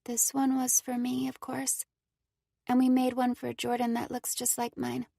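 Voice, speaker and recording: A woman voicing a hurt young girl in a hospital bed, speaking quietly with slightly slurred words. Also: high voice, monotone, measured pace, gravelly, dry recording, clean studio sound, pitched above the performer's own voice, full character voice. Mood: subdued. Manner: quiet, guarded.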